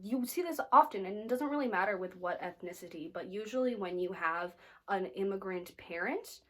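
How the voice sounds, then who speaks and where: A woman's voice: medium pitch, expressive, moderate pace. An American woman chatting casually about her reading, filling her talk with "like" and teasing asides. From United States. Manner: chatty, lots of "like" fillers, playfully snarky. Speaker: book vlogger. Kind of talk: casual reading wrap-up chat.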